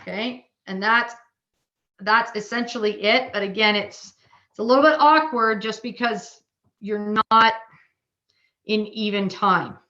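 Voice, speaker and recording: A woman's voice: medium pitch, unhurried, long pauses, pushed and bright, dull audio. Canadian woman teaching a drumming workshop. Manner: casual, chatty, counts beats aloud.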